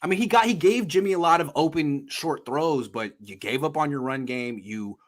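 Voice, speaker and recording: A man's voice: fairly high pitch, moderate pace. A man hosting a casual sports podcast, talking in an emphatic, jokey way and repeating himself for effect. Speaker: podcast host.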